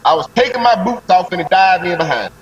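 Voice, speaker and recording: A man with a high-set voice tells an excited fishing story in thick slang, piling on detail. He is a guest on a live stream, with faint noise behind him. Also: fairly quick, lo-fi sound. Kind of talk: animated fishing story, casual chat.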